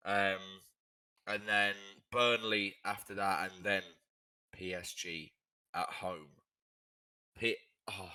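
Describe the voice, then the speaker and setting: A man's voice: low-pitched, fairly even intonation, slow pace, long pauses, pushed and bright, smooth, no echo. A young man from England, co-hosting a casual football podcast in a blunt, rambling, sweary way. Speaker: podcast co-host.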